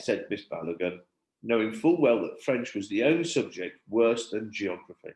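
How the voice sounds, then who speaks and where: Lively male teacher reading a storybook. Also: fairly low pitch, moderate pace. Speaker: primary school teacher. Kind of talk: reading a children's book aloud. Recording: roomy echo.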